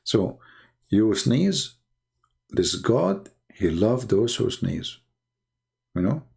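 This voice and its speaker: Gravelly man with Arabic accent. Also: on the low side, sing-song, drawn-out words, darkish tone. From Arab world. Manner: sarcastic, broken English with frequent fillers. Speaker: host. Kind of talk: mocking live-stream commentary.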